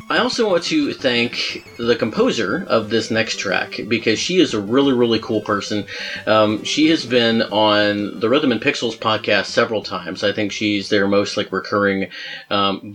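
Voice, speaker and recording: A man with a fairly low voice chats loosely about old game soundtracks, trailing off and chuckling at himself. Faint music sits under the talk. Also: a bit bright. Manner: rambling, chuckling, self-deprecating. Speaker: podcast host. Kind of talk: casual podcast chat about game music.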